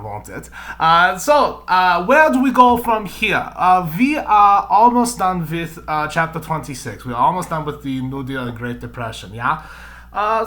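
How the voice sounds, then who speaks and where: A man doing a cheesy mock German accent as a history teacher talks through a lesson. The voice is bright and sits a little high, and he tags his sentences with a questioning "yeah?" or "okay?" as he goes. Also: heavily acted. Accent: mock German accent, put on. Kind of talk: video lesson in a put-on accent.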